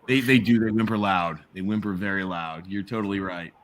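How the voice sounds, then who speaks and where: A man's voice: deep voice, fairly even intonation, brisk. A man hosting a livestream, chatting casually about college football, laughing often and rambling with restarts. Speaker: livestream host. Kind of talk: casual sports chat.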